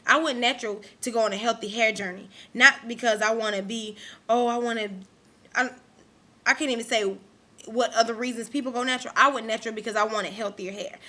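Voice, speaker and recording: Young woman venting on her vlog, bright voice, heated and repetitive. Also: on the high side, fairly even intonation, a little fast. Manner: heated, emphatic, repeats herself. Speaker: vlogger. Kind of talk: angry vlog rant to camera.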